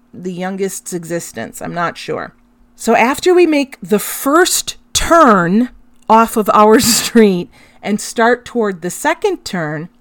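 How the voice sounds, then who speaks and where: A woman's voice: a little high, no room sound. A middle-aged woman hosting a podcast, telling a personal story in a candid, emotional way and swearing freely. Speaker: podcast host.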